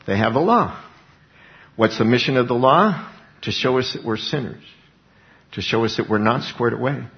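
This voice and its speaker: A man's voice: medium pitch, expressive, normal speed, creaky. A man preaching a sermon, emphatic, with rhetorical questions and repeated words. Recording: dull lo-fi recording.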